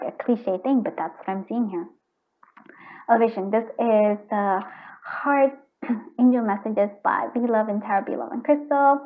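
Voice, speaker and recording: Female tarot reader with a slightly high voice. Casual, earnest, thinks aloud, lots of restarts. Thin phone-like sound. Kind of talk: casual spiritual tarot reading.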